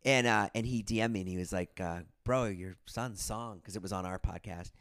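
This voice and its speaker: A man's voice: low voice, fast talker, fairly bright tone, dry recording, studio quality. A man in his forties hosting a podcast, telling stories animatedly and swearing freely. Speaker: podcast host. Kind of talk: casual chat.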